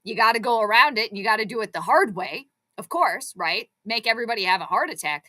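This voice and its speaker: A young adult woman hosting a live sports stream, reacting to the game in an excitable, exclamatory, chatty way. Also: on the high side, fast. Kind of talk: live play-by-play reaction commentary.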